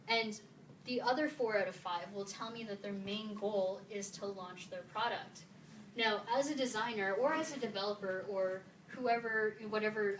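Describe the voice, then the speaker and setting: Woman, from the Philippines, casual playful meetup talk, faint room ambience, medium pitch. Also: a little hiss or hum. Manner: chatty and playful, quizzing the audience. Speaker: conference speaker. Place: meeting room with audience. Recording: roomy sound, mic at a distance, faint ambience.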